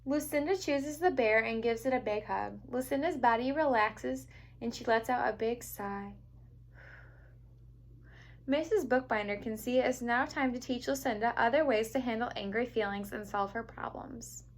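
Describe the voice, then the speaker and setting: A teacher reading a picture book aloud to young children, gentle and expressive. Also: female voice, on the high side, normal speed. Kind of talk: storybook read-aloud for children.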